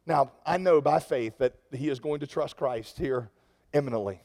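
A man's voice: mid-range voice, moderate pace, darkish tone. A man preaching a sermon, telling a story in a conversational way that builds to impassioned peaks. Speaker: pastor. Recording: long reverb of a large hall.

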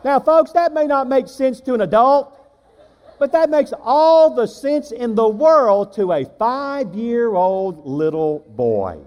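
High-voiced preacher in an echoing hall. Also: male voice, very animated, slow pace, darkish tone. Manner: storytelling, acts out child and father voices. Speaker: pastor. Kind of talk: sermon. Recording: long reverb of a large hall.

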